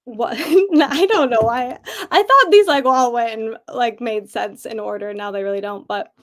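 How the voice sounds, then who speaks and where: A woman's voice: a little high, unhurried. A young woman chatting casually about a book, full of fillers and frequent laughs. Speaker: book club discussion participant.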